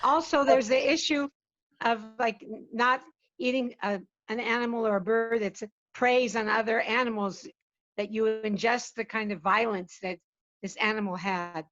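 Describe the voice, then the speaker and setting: A woman's voice: fairly high pitch, fairly even intonation, normal speed, fairly bright tone. A woman student tentatively thinking aloud during a class discussion, heard from across the room. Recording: muffled, from far off in the room.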